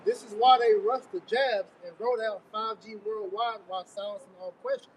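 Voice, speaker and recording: A man's voice: high-pitched, steady tone, brisk. A man on a live outdoor broadcast, talking emphatically in slang and reading passages aloud. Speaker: co-host of a live street broadcast. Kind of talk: live-stream discussion. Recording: distant mic with faint street noise.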